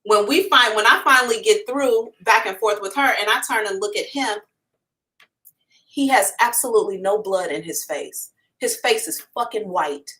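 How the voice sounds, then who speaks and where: A woman hosting a psychic livestream, telling a story to her viewers in a frank, animated way, swearing casually and addressing them directly. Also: medium pitch, normal speed, far from the mic, rough recording. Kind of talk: storytelling to a live audience.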